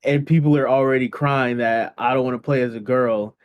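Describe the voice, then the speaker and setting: A man's voice: medium pitch, fairly even intonation, fairly quick, clear, resonant tone, highs cut off. A young man co-hosting a podcast, laid-back and teasing in casual chat, swearing casually. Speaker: podcast co-host.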